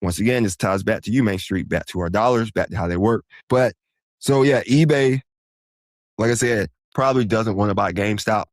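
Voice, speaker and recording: This podcast host's voice is on the low side and a little fast, recorded at studio quality with no room sound. He explains money matters casually on his own, wandering off topic and correcting himself as he goes.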